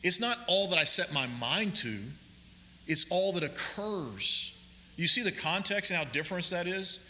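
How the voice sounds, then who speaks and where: A man preaching a sermon as pastor, deliberate and emphatic, slowing down to stress key phrases. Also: sits high, lively intonation, sharp tone, big-room sound, a little hiss or hum.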